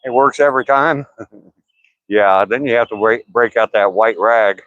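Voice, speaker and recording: A man's voice: medium pitch, steady tone, measured pace, fairly bright tone, dry recording, lo-fi sound. An older man talking casually on a live stream while out walking outdoors, joking and laughing at his own remarks. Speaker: vlogger live streaming a walk.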